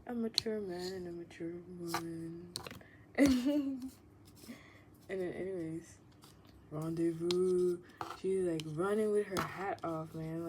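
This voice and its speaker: A woman vlogger chatting casually and meanderingly, leaning on "like" constantly and sometimes dropping into soft whispers. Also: fairly low pitch, takes it slowly. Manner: meandering, heavy use of "like", drifts into soft whispers, laughs often. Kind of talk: casual rambling chat. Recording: clearly audible background noise.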